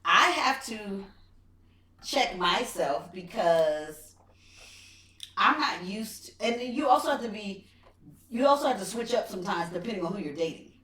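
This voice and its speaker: Animated woman chatting in an echoey room. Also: mid-range voice, normal speed, pauses often. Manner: animated, acts out quoted remarks. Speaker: podcast co-host. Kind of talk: casual chat. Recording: echoey room, mic at a distance, faint noise.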